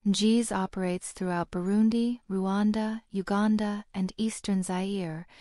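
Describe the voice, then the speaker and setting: A stiff, sardonic wizard ambassador with an Australian accent, as a woman reads him, clipped and dry in his replies. The voice is warm and mellow and recorded close and dry, with no room around it. This is a storybook reading. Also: mid-range voice, no echo, natural voice. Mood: formal. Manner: curt and dry.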